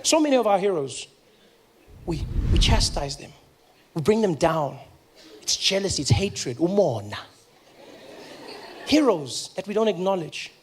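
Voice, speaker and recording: A young man with a South African accent works a crowd, telling animated stories and acting out the people in them. His voice sits high for a man. The live mic picks up a clear, steady layer of noise. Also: a little slow, pauses often. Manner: animated storytelling with acted-out voices. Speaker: stand-up comedian. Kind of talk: stand-up comedy. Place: comedy stage before an audience.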